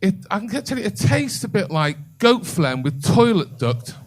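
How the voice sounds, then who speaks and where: A man's voice: sits high, big pitch swings, normal speed. An older man doing a bawdy stand-up comedy set in a comedy club, telling a story and chatting with the crowd.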